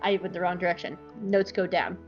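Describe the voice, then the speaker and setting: A woman's voice: lowish voice, level tone, fairly quick, dull audio, faint music behind. A young woman recapping an episode in a chatty, irreverent way, swearing freely. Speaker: show recapper.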